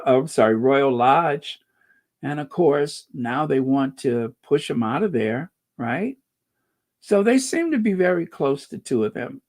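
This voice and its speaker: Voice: medium pitch, gravelly, darkish tone. A channel host giving casual commentary and reading out viewer comments, drawling and sarcastic with playful wordplay asides.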